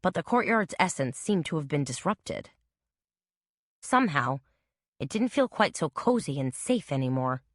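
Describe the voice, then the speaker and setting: Woman reading an audiobook, low voice, steady, dry close mic. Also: moderate pace, dry recording. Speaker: narrator. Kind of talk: audiobook narration.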